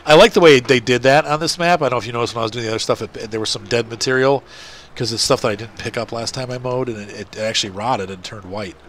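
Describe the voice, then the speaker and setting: A man's voice: medium pitch, fast, a bit bright, a little hiss or hum. A middle-aged man with a stuffed-up nose, chatting casually and rambling while he plays a farming game. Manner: rambling, self-deprecating chatter. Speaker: gaming video host. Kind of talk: casual chat while playing.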